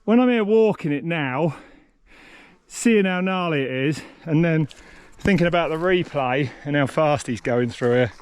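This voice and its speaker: A man hosting a casual walkthrough of a race course, excitable and blunt, swearing and exclaiming as he goes. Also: a little high, measured pace, clean tone, dry recording. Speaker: host walking a race course. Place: outdoors on a mountain bike course.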